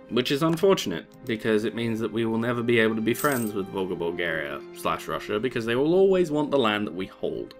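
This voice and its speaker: A man casually commenting on a strategy game he is playing, wry and rambling with sarcastic asides. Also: mid-range voice. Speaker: let's play host.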